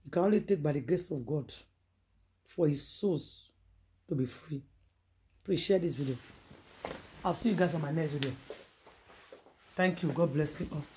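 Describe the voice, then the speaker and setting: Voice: medium pitch, normal speed, pauses often, darkish tone. A vlogger with a Nigerian accent telling celebrity gossip as dramatic storytelling, emphatic and preachy, full of rhetorical questions.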